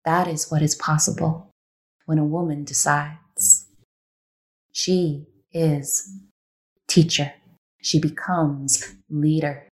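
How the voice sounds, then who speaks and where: A woman hosts a spiritual interview in an earnest, emphatic way. She returns to her key phrases again and again. Her voice sits slightly low. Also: fairly even intonation, takes it slowly, pauses often, rough recording. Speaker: podcast host.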